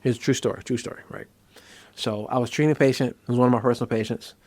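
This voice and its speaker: A man's voice: mid-range voice, quick pace, no room sound. A man, a psychiatrist, explaining a treatment in casual conversational talk and telling stories from his practice. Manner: conversational, storytelling, animated when acting out scenes. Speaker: psychiatrist host.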